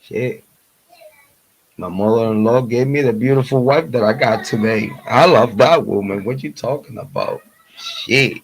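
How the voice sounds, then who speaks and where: Slow-talking, laughing, profane male host. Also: medium pitch, husky, rough recording. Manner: loose, profane, frequently laughing trash talk; playful and affectionate with family. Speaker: true crime livestream host. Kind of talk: casual pre-show livestream chat.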